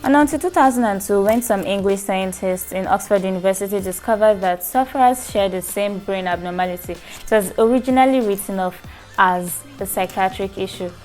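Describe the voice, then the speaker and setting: A woman's voice: medium pitch, fairly quick, a little mellow, faint music behind. A young woman hosting her own vlog in a chatty, playful way, teasing her viewers. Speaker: show host. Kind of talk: casual vlog talk.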